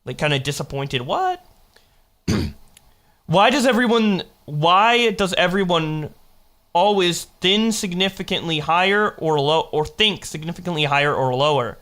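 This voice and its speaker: A man's voice: high voice, normal speed, fairly bright tone. A man giving casual live-stream commentary, rambling through chat logs and mocking the quotes as he reads them aloud. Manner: rambling, restarts while checking dates.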